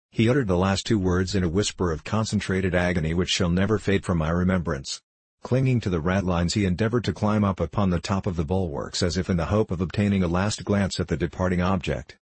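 A man reading a story aloud in a measured, even narration with a husky voice. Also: deep voice, no echo. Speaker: audiobook narrator. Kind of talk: scripted narration.

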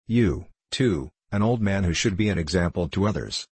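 A man's voice: low voice, animated, normal speed, a little mellow, breathy edge, no echo. A man reading an earnest young clerk. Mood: reproachful. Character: pure-minded young male clerk, earnest and shy.

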